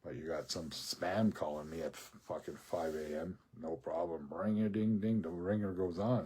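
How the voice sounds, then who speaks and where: Low husky man ranting profanely. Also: fairly even intonation, moderate pace, hardly any pauses, darkish tone. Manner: profane, rambling, laughs often. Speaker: social media ranter. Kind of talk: rambling personal rant.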